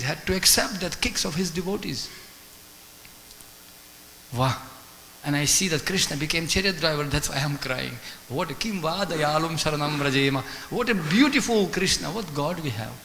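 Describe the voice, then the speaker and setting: A man giving a sermon as a guest speaker, telling stories in an animated way, acting out dialogue and chanting Sanskrit verses. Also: fairly high pitch, creaky. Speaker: guest speaker at a temple class. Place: temple hall. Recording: echoey temple hall with faint hiss.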